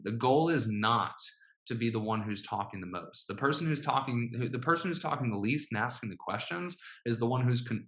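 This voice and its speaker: An upbeat man coaches listeners through a sales messaging script, and he keeps checking in with a quick "right?". His voice is bright and forward, with a noticeable echo from the room around him. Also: mid-range voice. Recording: echoey room.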